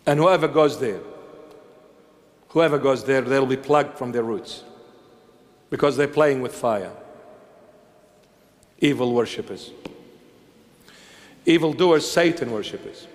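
A bishop preaching a sermon, emphatic and mocking, firing off rhetorical questions to the congregation. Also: male voice, fairly high pitch. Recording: long hall reverb.

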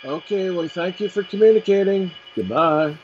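A man, a paranormal investigator, calling out slow, deliberate questions during a ghost box session. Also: high-pitched. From Canada. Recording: muffled call line with loud hiss.

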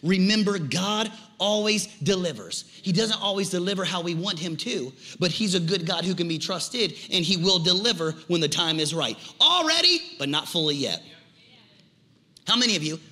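A middle-aged male pastor preaching a sermon, animated, with folksy humor and shouted climaxes. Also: high-pitched, normal speed.

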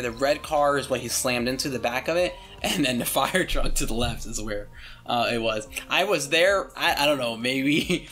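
A man's voice: medium pitch, sharp tone. A young man hosting his channel and telling a story in a casual, rambling way, full of fillers and casual swearing.

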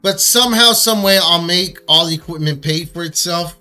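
A man's voice: a little high, moderate pace, hardly any pauses, sharp tone, soft background music. A man who makes leather goods, chatting casually and joking, turning to address viewers. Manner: joking, talks to viewers directly. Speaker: leather craftsman, show co-host. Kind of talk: casual chat.

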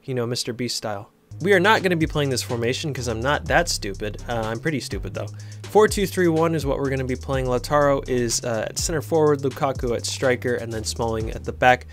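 A man giving chatty, excitable commentary on a football video game as a gaming channel host. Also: mid-range voice, brisk, soft background music. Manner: excitable, chatty, cheers on players. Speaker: gaming YouTuber. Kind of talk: casual gameplay commentary.

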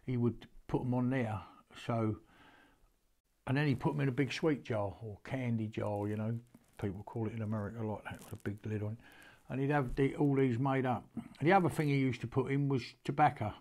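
An older Englishman talks casually and with feeling, in a homely, rambling way. His voice sits at an ordinary middle pitch, and he often stops and starts again mid-sentence. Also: steady tone, a little fast, darkish tone. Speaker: horseman showing an antique. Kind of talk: casual storytelling to camera.

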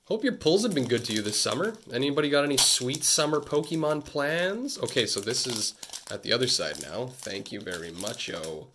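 A man from Canada chatting through a casual card-opening vlog, talking close to his phone and cracking jokes between excited outbursts. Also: medium pitch, normal speed, background noise. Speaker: vlogger. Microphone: phone held close.

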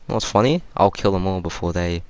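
A man with a deep, low voice narrates his shooter gameplay live. He chats casually to his viewers and bursts into exclamations whenever he gets a kill or gets taken out. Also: fairly quick, a little mellow. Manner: reactive, chatty, exclaims at kills and deaths. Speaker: gaming YouTuber.

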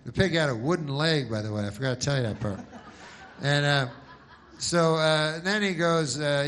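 A man doing rambling deadpan stand-up at a private event, halting with lots of filler words, on a handheld mic. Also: fairly high pitch, slight background noise. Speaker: stand-up comedian.

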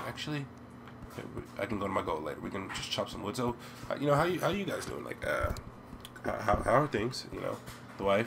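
A young American man with an American accent, chatting and rambling while playing a video game, breaking into loud yelps. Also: lowish voice, gravelly, background noise. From United States. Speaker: let's play gamer. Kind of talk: game commentary.

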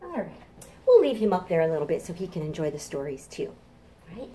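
A woman's voice: lowish voice, sing-song, fast, mellow. A woman children's librarian leading a toddler storytime from her home kitchen, cheerful and sing-song as she talks to small children.

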